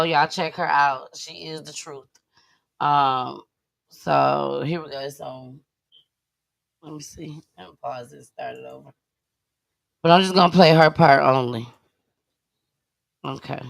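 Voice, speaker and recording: A woman hosts a live show, chatting casually and greeting her viewers as she tells a story. Her voice is fairly low with a gravelly fry, yet bright and forward. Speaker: host of a live online show. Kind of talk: casual livestream chat.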